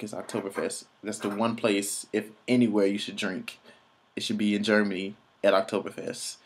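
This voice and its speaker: A young man telling travel stories in a loose, rambling vlog, full of fillers and swearing. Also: on the low side. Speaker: vlogger. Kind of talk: casual travel vlog narration.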